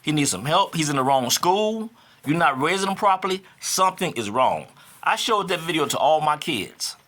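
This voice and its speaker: A man's voice: a little high, lively intonation, normal speed, a bit bright. A man in his fifties talking casually to camera in a vlog, repeating himself for emphasis and rising to indignant outbursts. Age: 50s. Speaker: vlogger.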